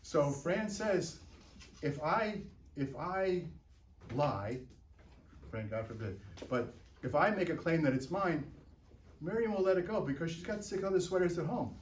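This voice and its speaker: A man's voice: fairly high pitch, expressive, moderate pace, slight background noise. A man teaching a text to a class, often checking in with "right?" and "okay?" and repeating words as he thinks aloud. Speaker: Talmud teacher. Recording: roomy, picked up from a distance.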